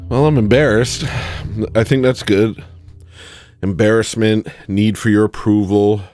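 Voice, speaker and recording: With faint music in the background and no room sound, a man talks unhurriedly in a lowish voice with fairly even intonation. He's a livestream host rambling through a self-deprecating comic monologue full of theatrical outbursts and sudden yells.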